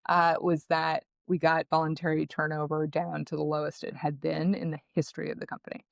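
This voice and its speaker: A woman founder being interviewed, telling her story in a lively, conversational way and acting out what people said. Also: deep voice, brisk, vocal fry, no room sound. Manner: animated, conversational, acts out quotes. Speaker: guest, founder.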